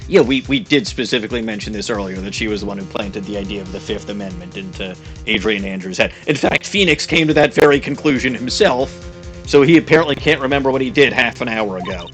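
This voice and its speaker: A man's voice: on the low side, expressive, fast talker, a bit bright, soft background music. Brash, profane male game commentator. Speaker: let's play host.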